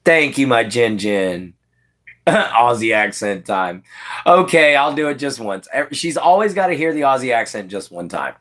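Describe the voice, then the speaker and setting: A man's voice: mid-range voice, very animated, a little slow, fairly bright tone. A man hosting a casual livestream, chatting with viewers by name and laughing often. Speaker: livestream host.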